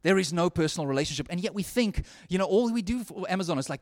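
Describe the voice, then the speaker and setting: Preaching with earnest, conversational energy, this man keeps restarting his phrases and moves from quiet lines to loud ones. He sounds high-pitched and animated, speaking at a quick pace.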